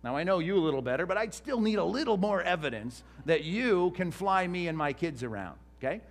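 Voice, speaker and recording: A man's voice: sits high, lively intonation, fairly quick. A man, a pastor giving a conversational teaching sermon to a live congregation and asking them questions. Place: church before a live congregation.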